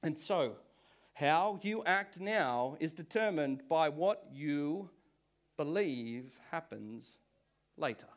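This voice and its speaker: High-voiced man preaching animatedly. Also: takes it slowly. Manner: animated, conversational preaching with frequent restarts. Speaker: pastor. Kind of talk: sermon. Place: church.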